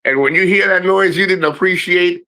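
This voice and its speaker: A middle-aged man hosts a live stream, telling profane family stories to his chat in a casual, animated way. He swears and speaks at normal speed, and his voice jumps high whenever he quotes someone. The audio is poor.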